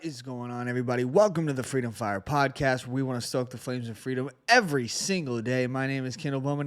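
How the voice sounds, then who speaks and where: A man's voice: mid-range voice, fast talker, few pauses. A man hosting a political commentary podcast, talking in a sarcastic, incredulous and emphatic way, sometimes stumbling over his words. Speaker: podcast host.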